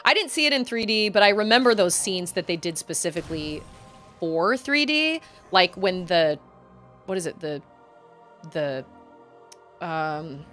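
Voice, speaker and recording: Over soft background music, a young woman chats casually while live-streaming a game, now and then erupting in frustration and groaning. Her fairly low voice is sing-song and fairly bright, a little slow, with frequent pauses.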